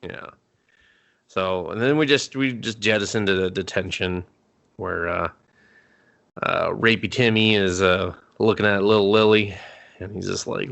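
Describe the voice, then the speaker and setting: A man's voice: sits low, fairly even intonation, measured pace, creaky, pauses often, a bit bright. A man co-hosting a casual movie review podcast, laughing often and acting out characters in crude mock voices. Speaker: podcast co-host.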